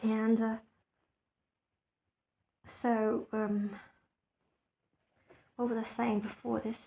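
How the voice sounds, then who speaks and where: A woman who speaks English as a second language, thinking aloud in a casual monologue with many fillers and restarts, often trailing off quietly. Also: fairly high pitch, little pitch movement, drawn-out words, vocal fry, breathy edge. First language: not English. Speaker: podcaster.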